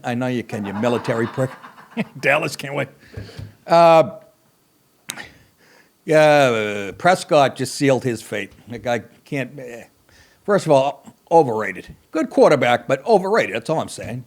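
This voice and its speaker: A man's voice: mid-range voice, very animated, measured pace. A middle-aged man hosting a podcast, telling a rambling comic story full of swearing and self-mockery, with wry asides and bursts of laughter. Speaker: podcast host. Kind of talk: profane comedic monologue.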